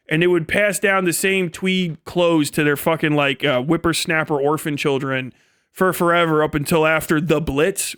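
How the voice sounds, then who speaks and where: A man with a fairly high voice, hosting a live stream. He rants in a rambling, profane, mocking comedic style, and breaks into laughs now and then. The recording is dry and close, with no room echo. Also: a bit bright, clean tone. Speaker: livestream host.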